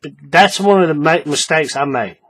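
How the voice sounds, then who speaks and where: A man with a husky, slightly high voice explains a craft project step by step in a loose, casual way. He repeats himself often and keeps checking that the viewer is following along. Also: normal speed, a bit bright. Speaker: crafting tutorial host.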